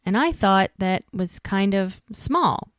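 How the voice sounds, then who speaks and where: A woman's voice: mid-range voice, animated, slow, dry recording. A woman in casual podcast chat, walking through a TV episode scene by scene and acting out the lines with a string of "she's like" and "she goes." Her voice sits in a middle range and sounds close and dry, with no room around it. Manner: retells scenes by quoting characters, lots of "she's like". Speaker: podcast co-host recapping a TV episode.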